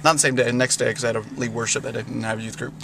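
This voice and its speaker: A man's voice: mid-range voice, fairly even intonation, racing, vocal fry, a bit bright, a little hiss or hum. A young man telling a rambling story in a casual vlog, full of "like" and "you know", often laughing. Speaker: vlogger.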